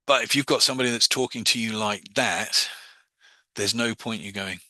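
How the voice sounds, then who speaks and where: A man teaching a class on hypnosis, talking quickly with many restarts and dropping into soft, slow patter for examples. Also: on the low side, dry recording. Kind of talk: informal class lecture.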